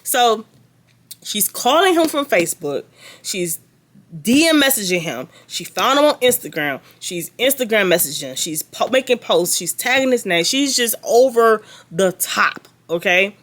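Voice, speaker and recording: Animated woman telling a gossipy story. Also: medium pitch, measured pace. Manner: animated and gossipy, with sarcastic asides and laughter. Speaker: vlogger. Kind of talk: casual storytime chat.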